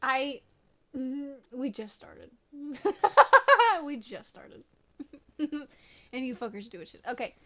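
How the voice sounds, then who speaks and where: A woman's voice: sits high, animated, slow pace, pauses often, a bit bright. A woman game streamer in casual live-stream chat, greeting viewers and swearing offhandedly.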